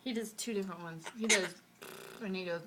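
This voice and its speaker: A woman's voice: medium pitch, brisk, heavy background noise. A woman in a home video coaxing her pet bird to talk, repeating words in sing-song baby talk. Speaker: bird owner.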